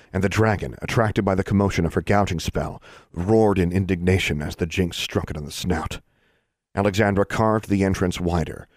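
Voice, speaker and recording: A man reading a fantasy story aloud in a steady, measured way. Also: low voice, no room sound, clean studio sound. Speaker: audiobook reader. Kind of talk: storybook narration.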